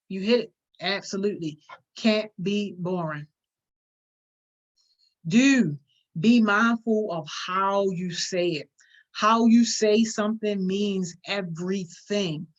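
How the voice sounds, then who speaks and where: A woman teaching public speaking in a live online workshop, talking in an emphatic, conversational way with everyday slang. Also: medium pitch. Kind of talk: live-streamed workshop, reading viewer comments. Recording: dull lo-fi stream audio.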